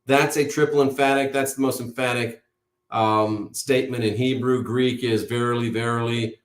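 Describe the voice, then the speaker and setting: A man's voice: medium pitch, fairly even intonation, moderate pace, a little hiss or hum. A man hosting an online show, giving an impassioned monologue to a live audience. He speaks emphatically and in a preachy way, repeating key words for force. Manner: emphatic, with insistent repetition; preachy, declaring things as certain. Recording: roomy echo.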